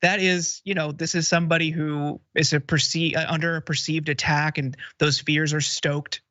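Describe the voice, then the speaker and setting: A male guest commentator who argues in long, measured, explanatory sentences. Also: on the high side, flat delivery, bright, forceful tone, no room sound, highs cut off. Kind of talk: political commentary.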